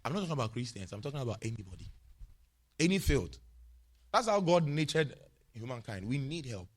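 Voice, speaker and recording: A man's voice: medium pitch, very animated, a little fast. A male pastor preaching a sermon, emphatic and repetitive, often checking in with his congregation.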